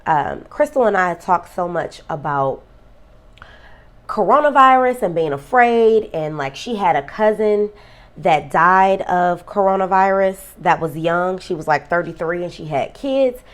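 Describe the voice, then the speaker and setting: A woman's voice: on the low side, expressive, measured pace. A woman vlogger talking earnestly about a friend's death, emotional and close to tears. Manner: emotional, tearful; reflective, earnest. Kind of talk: personal vlog talk.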